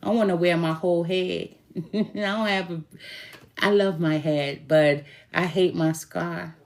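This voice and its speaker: Unhurried and steady, this woman speaks in a lower-leaning voice as she does a tarot reading, presenting herself as a good witch. She talks to camera in a chatty way, laughing and dropping a few swear words while telling stories.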